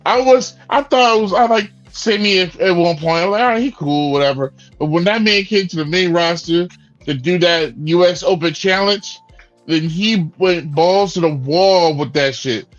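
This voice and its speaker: A man's voice: high voice, moderate pace, muffled recording, faint music behind. A man co-hosting a casual wrestling podcast, laid-back and joking, dropping short agreeing interjections. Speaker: podcast co-host.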